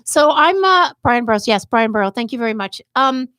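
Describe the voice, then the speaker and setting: A woman hosts a live podcast stream, answering viewer comments with impassioned, heated commentary. Her voice sits a little high, and she often breaks off and restarts her sentences. The sound is dry and close. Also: animated, a little fast, sharp tone, no room sound. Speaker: podcast host.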